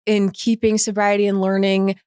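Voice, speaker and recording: A woman's voice: medium pitch, monotone, a little mellow, clear, resonant tone, no echo. Supportive woman host, dry sound. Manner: supportive, quick affirmations and laughs. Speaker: podcast host. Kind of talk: conversational interview.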